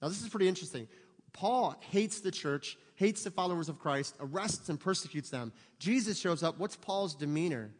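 A man's voice: a little high, animated, moderate pace, long reverb tail. A man preaching a sermon as pastor, speaking emphatically and asking his listeners rhetorical questions.

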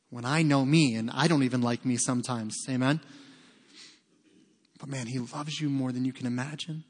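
A man's voice: medium pitch, steady tone, normal speed, pauses often. A man preaching a sermon as pastor, earnest and conversational, often breaking off into casual asides. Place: church sanctuary. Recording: long reverb of a large hall.

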